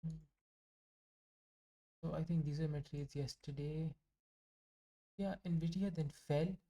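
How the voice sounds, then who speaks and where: A man's voice: fairly high pitch, fairly even intonation, slow, dark tone. A young man casually reviewing his day trades, rambling, joking and poking fun at himself as he talks. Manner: rambling, joking and self-mocking. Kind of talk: casual live trading commentary.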